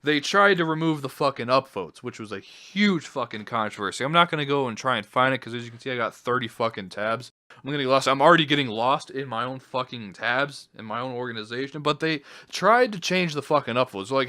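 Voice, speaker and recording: Man, bright tense voice, profane, exasperated, ranting vlogger. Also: mid-range voice, animated, a little fast. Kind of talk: angry ranting commentary.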